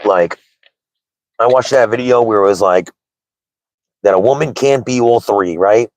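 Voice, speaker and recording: A man in his thirties hosts a casual livestream chat, speaking in a lowish voice at a measured pace. He's candid and rambling, peppering his talk with "like" and "right?". The recording is rough but has no room sound.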